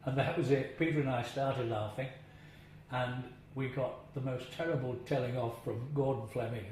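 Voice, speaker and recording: A man's voice: mid-range voice, steady tone, moderate pace, a little mellow. An older man being interviewed, telling chatty anecdotes about his acting days, chuckling and now and then imitating voices. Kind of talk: anecdotal reminiscing. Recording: very echoey room, faint hiss.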